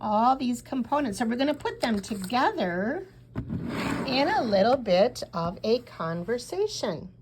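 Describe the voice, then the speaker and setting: A woman teaching a recorded beginner language lesson, modeling short phrases slowly and pausing so learners can repeat. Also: fairly high pitch, very animated, slight background noise. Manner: slow, deliberate model phrases with pauses for repeating. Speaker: Spanish teacher.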